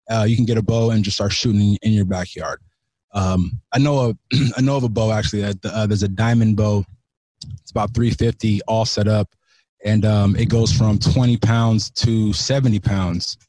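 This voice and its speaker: A man's voice: on the low side, mellow, no echo. Loose, slangy man swearing freely. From California. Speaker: podcast guest. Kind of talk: casual chat.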